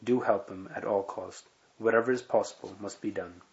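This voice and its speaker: A man's voice: on the low side, steady tone, moderate pace, natural voice. A man reading the lines of an anxious, pleading wife in an urgent tone, in a memoir reading. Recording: dull lo-fi recording.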